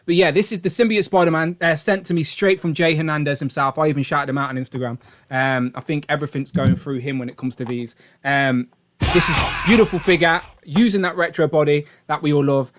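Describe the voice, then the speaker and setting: A man's voice: on the high side, brisk. A man hosting a toy review live stream, chatty and upbeat, laughing easily. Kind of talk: casual live-stream chat.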